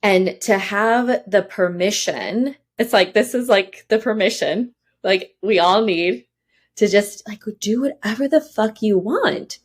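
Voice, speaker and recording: A woman hosting a podcast, reacting to her guest in an effusive, expressive way. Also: mid-range voice, unhurried. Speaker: podcast host. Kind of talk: casual interview chat.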